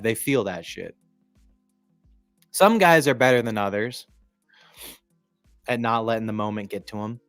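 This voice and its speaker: A man hosting a sports live stream, talking in a casual, rambling, profane way and often clearing his throat. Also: mid-range voice, expressive, moderate pace, long pauses, fairly bright tone, no room sound, faint music behind. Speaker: livestream sports commentator.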